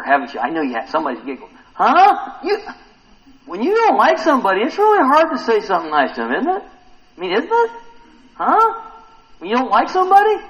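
A man with a voice on the high side preaches an animated sermon, posing questions to the congregation and acting out the quotes he reads. The recording is low quality.

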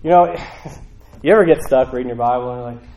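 A man's voice: medium pitch, brisk, warm tone, low-quality recording. A man preaching a casual sermon, conversational, acting out little voices as he tells the story.

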